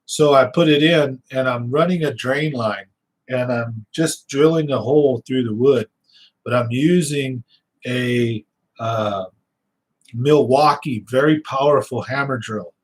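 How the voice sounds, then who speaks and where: A man running a fishing channel chats and tells stories in a loose, rambling way, full of fillers and restarts. His medium-pitched voice is unhurried, with a slight lisp, and he sometimes gets stuck on words. The recording quality is low.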